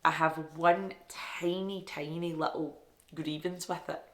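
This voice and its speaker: A woman's voice: low voice, steady tone, a little slow. A woman chatting casually about books she loved, enthusiastic and self-deprecating. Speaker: book reviewer. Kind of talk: casual book review vlog. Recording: echoey room.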